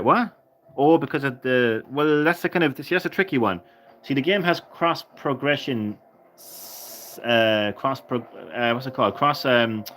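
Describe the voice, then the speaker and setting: A man's voice: medium pitch, fairly bright tone, poor audio. A worn-out man streams a game from his home setup and talks straight to his chat. He laughs often and swears casually while he plays. A faint hiss sits under his voice. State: tired. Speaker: gaming live streamer. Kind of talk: casual live-stream commentary.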